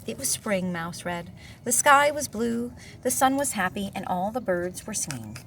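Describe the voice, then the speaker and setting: A woman reading a picture book aloud to a child, expressive and gentle, pausing to chat about the pictures. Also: mid-range voice. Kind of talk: storybook read-aloud with asides. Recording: distant mic, faint room noise.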